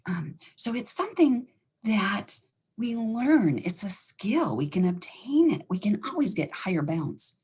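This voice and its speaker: A woman counselor giving a fast-paced educational talk, acting out inner thoughts as she goes. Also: mid-range voice, breathy edge. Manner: fast-talking, animated, acts out inner thoughts.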